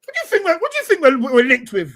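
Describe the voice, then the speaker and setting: A man, shouting and mocking his friends in rowdy football banter. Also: very high voice, huge pitch swings, very fast. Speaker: football podcast panelist.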